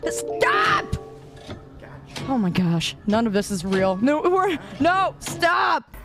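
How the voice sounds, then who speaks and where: A young adult woman streaming a game, reacting with exasperated, dramatic pleading and outbursts. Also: very high-pitched. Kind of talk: reactive livestream gaming chat.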